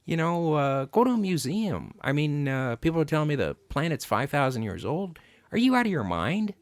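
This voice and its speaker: A man's voice: on the high side, normal speed, no echo. A man hosting a casual chat, talking bluntly and profanely, with lots of fillers and restarts. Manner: blunt and profane, animated rants. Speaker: podcast host.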